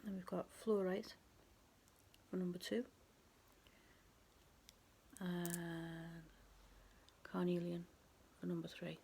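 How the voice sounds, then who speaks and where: A woman's voice: on the low side, steady tone, takes it slowly, creaky, long pauses, dark tone, slight background noise. A woman doing a casual tarot reading to camera, chatty and rambling. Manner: chatty and rambling, laughs at herself. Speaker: tarot reader.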